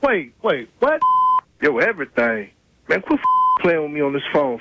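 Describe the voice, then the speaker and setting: A man's voice: a little high, big pitch swings, normal speed, sharp tone, lo-fi sound, a little hiss or hum. A man, angrily answering a prank call, swearing and repeating himself. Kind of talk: angry phone call.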